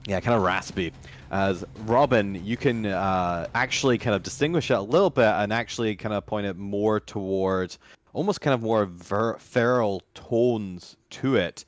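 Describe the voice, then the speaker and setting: A man's voice: on the low side, normal speed, no room sound. A man narrating as game master, rambling with many fillers and restarts.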